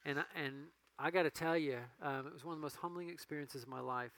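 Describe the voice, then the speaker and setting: A male pastor giving a conversational sermon that rises to emphatic peaks and drops to quiet storytelling. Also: fairly high pitch, quick pace, poor audio.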